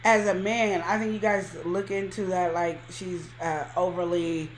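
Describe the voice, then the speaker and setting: A woman's voice: fairly low pitch, little pitch movement, a little slow. Woman, podcast co-host, emphatic and colloquial, slightly echoey room, faint hiss. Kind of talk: casual relationship advice chat.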